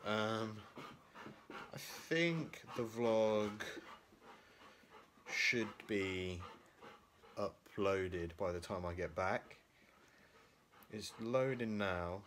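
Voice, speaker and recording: Speaking in a deep, fairly bright voice, a young man draws out his words and pauses often. He rambles through a casual home vlog, indoors and outside, making fun of himself with plenty of fillers. It's shot on a handheld camera at arm's length, with a little hiss or hum.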